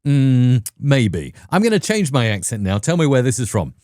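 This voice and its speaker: Man, tech video host, upbeat, conversational, animated pitch, dry close mic. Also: moderate pace, no echo. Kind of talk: enthusiastic tech review narration.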